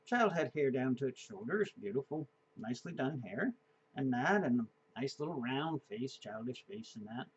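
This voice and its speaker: A man's voice: medium pitch, lively intonation, moderate pace, dull audio, slight background noise. A man in his fifties telling a personal story in a casual, rambling way, with many fillers and chuckles. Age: 50s. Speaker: vlogger.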